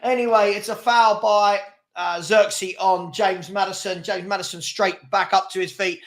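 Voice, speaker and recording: Exasperated livestream football host. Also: male voice, high voice, fairly even intonation, normal speed, a bit bright. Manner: exasperated, ranting at chat between play-by-play. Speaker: watchalong host. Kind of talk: live match commentary and chat.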